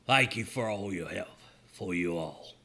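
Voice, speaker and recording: A man's voice: deep voice, unhurried, pushed and bright, voice pushed down, exaggerated voice. A man playing a polite, apologetic young prince. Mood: grateful. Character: young prince freed from a frog spell, polite.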